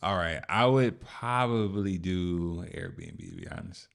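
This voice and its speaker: Deep-voiced man hosting a casual chat. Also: unhurried, gravelly. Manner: relaxed, rambling, frequent fillers. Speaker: host.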